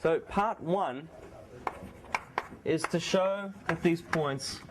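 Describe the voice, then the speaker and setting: A man lecturing a university class in a small room, speaking quietly with a sore throat and making joking asides to his students. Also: fairly high pitch, extremely slow, background noise. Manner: speaks softly, not loudly.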